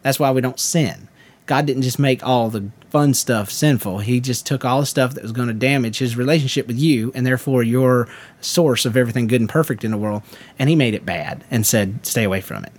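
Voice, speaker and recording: A man voicing a loud, charismatic male Southern preacher in a mock sermon with a Southern accent, folksy and emphatic. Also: mid-range voice, a little fast, lightly acted. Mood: preachy.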